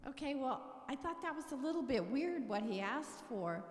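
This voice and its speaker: A woman in a study group playing an uneasy ancient wife, speaking softly and hesitantly. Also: sits high, lively intonation, moderate pace. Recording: echoey hall, from afar.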